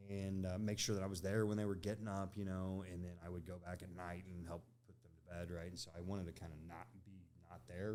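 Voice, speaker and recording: A man's voice: low voice, darkish tone. A middle-aged man on a podcast, telling a candid personal story in a conversational way, often tagging lines with "right?" and "you know". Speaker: podcast guest.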